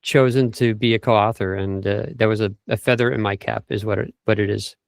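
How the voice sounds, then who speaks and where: A man's voice: lowish voice, fairly even intonation, fairly quick, creaky, no echo, clean studio sound. A man working as a vocal coach, explaining tips step by step in an interview over a video call and briefly demonstrating speech habits.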